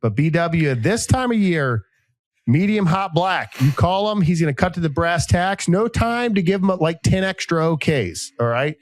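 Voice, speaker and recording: A man in his thirties hosting a podcast, chatting casually with co-hosts, mixing jokes and ad reads in a rambling, deadpan way. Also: fairly high pitch, normal speed, hardly any pauses, no room sound. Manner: joking, rambling, deadpan asides. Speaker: podcast host.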